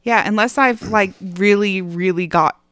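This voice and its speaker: A woman's voice: mid-range voice, a little slow, a bit bright. A woman chatting casually, explaining things at length and laughing easily. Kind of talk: casual chat.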